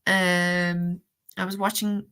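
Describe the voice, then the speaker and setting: Her voice is lowish and level, slow, a bit bright and smooth. She's a middle-aged tarot-reading livestream host from Ireland with a Cork accent, telling casual stories packed with fillers and restarts.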